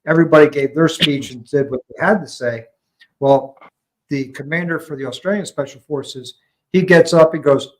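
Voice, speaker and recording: An American man with a slightly raised pitch, a veteran recounting his deployment. He talks casually and acts out the alarms and orders as he goes. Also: normal speed, rough recording. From United States. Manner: animated storyteller who acts out quotes. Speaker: veteran, former maintenance platoon sergeant. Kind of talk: casual storytelling.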